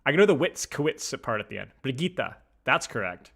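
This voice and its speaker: The young streamer's voice here is bright and forward yet creaky and husky, and he moves briskly as he sounds out words. It's a casual, unscripted pronunciation chat full of big pitch jumps and animated, mock-outraged shouting.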